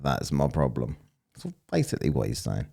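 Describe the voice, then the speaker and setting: Sneering man with a deep voice. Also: huge pitch swings, moderate pace, gravelly, dark tone, soft background music. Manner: mocking, profane, sneering. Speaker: commentator reacting to clips. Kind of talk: sarcastic reaction commentary.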